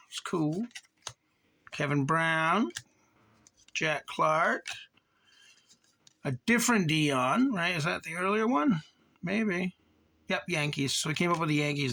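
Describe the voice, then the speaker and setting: A man's voice: fairly high pitch, creaky, pushed and bright, slight background noise. A man hosting a card-collecting channel, chatting casually and rambling as he reads off card names while opening packs. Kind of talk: casual box-opening commentary.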